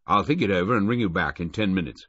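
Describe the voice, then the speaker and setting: A clipped, dry-humoured commanding officer, read by a man with a low, husky voice. The lines come short and firm, and the recording is muffled and close. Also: lively intonation, fast talker, fairly bright tone, no room sound, heavily acted.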